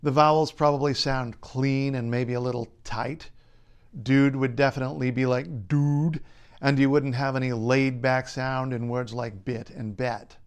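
A linguist and writer narrating a scripted explainer in a clear, wry, lightly humorous way. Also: male voice, medium pitch, steady tone, moderate pace.

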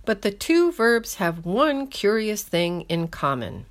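A woman's voice: mid-range voice, big pitch swings, takes it slowly. A woman hosting a scripted language lesson with wry, dry humor, speaking English as her first language. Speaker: language column host.

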